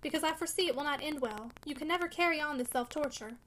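A man's voice: extremely high pitch, quick pace, bright, forceful tone, slight background noise, rough recording. A woman reading as a bitter, earnest young man. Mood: vehement. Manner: vehement, pleading.

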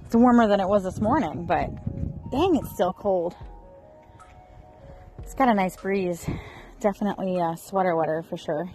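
A woman in her thirties from Florida, chatting casually to her viewers in an expressive vlog, recorded outdoors. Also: mid-range voice, moderate pace, long pauses, soft background music, low-quality recording. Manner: chatty and expressive, rising into excited bursts. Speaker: vlogger.

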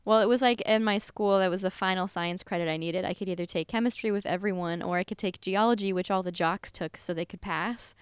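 A woman's voice: mid-range voice, fairly quick, few pauses, smooth, no echo. A young woman chatting as a podcast guest, casual and chatty, full of "like" fillers, swearing and laughing easily. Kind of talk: casual chat.

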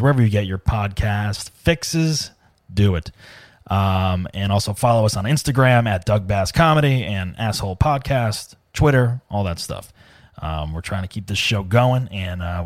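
A man's voice: fairly low pitch, no echo, studio quality. A man hosting a comedy podcast in casual, rambling, joking chat with many fillers. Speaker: podcast host. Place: home studio.

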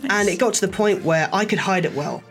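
A man telling stories in a casual chat, lively and acting out the people he quotes. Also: sits high, a little fast, faint music behind. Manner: animated storyteller, acts out quoted voices.

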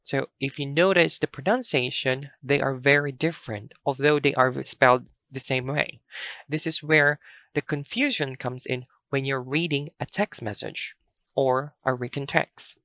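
Casting: unhurried, patient language tutor who spells and repeats, dry close sound. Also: mid-range voice, fairly even intonation, a bit bright, no echo. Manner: patient, spells words out letter by letter and repeats each example. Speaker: language teacher. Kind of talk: pronunciation lesson.

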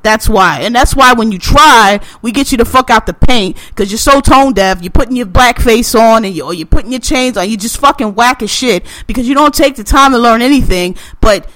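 A man co-hosting a podcast, talking in an animated, profane, ranting way. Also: very high voice, a little fast, hardly any pauses. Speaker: podcast co-host. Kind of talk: casual podcast chat.

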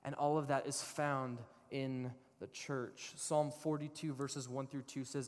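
A man in his thirties preaching a sermon to a congregation, switching into lively storytelling with voiced characters. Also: medium pitch, measured pace, hardly any pauses. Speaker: pastor. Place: church sanctuary. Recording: long reverb of a large hall.

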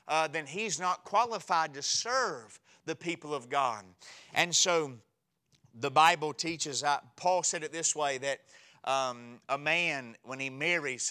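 A man in his forties preaches with a high, bright voice. He drifts into humorous stories about married life, talking to the congregation in a conversational tone. His delivery is lively and direct. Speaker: pastor. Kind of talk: sermon.

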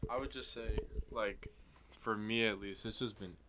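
A man's voice: on the low side, fairly even intonation, unhurried, noisy background. A young man talking as a guest on a podcast, loose and rambling, with plenty of fillers. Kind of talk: casual chat.

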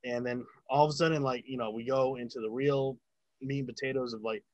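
A man's voice: mid-range voice, steady tone, fairly quick, a little mellow, dry recording, highs cut off. A man in casual chat, telling a long story about working sound on a film set, with lots of filler words and swearing.

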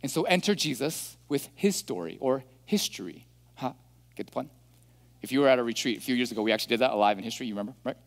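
A man's voice: medium pitch, lively intonation, fast. A man preaching a sermon as a pastor, chatty, often checking in with listeners. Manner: chatty, asks listeners questions. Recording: long hall reverb.

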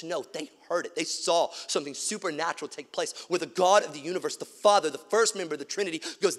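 Pastor guy preaching, kinda high bright voice, goes loud then real quiet, big echoey church. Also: fast talker, few pauses. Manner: dramatic, swings from loud emphasis to hushed near-whisper. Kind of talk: sermon.

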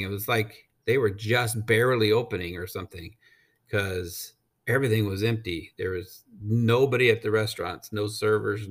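A man telling a casual travel story, blunt and rambling, with frequent swearing and filler words. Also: fairly low pitch. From United States. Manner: blunt, swears freely, rambling with many ums. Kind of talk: casual anecdote.

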